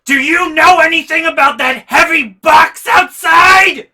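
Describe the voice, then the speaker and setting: A man voicing an easily offended middle-aged mother who shouts in shrill outrage. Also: measured pace, exaggerated voice. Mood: demanding.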